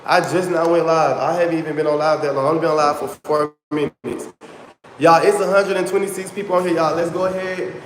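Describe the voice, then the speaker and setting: A man hosts his own livestream in casual chat, speaking straight to his viewers, calling them y'all, and repeating himself often. His slightly high voice moves briskly with fairly even intonation. The room is echoey with a long reverb tail and a little hiss or hum.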